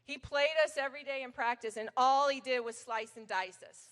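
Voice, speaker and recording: A woman's voice: sits high, brisk, hardly any pauses, a bit bright. A middle-aged woman giving a chatty, anecdotal hall of fame acceptance speech at a banquet, telling stories about her old coach. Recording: long hall reverb.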